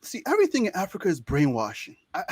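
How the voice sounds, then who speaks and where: A man's voice: sits high, wildly swooping pitch, a little fast, slightly rough, dry recording. A young man with a Nigerian accent, talking as an interview guest in a passionate, emphatic way and repeating words to press his points. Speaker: interview guest, medical student. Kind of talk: casual interview conversation.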